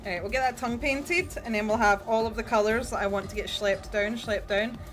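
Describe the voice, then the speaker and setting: A woman's voice: fairly high pitch, fast talker, faint music behind. A young woman chatting casually with her viewers while she paints miniatures, swearing freely and talking straight to them. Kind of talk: casual livestream chat.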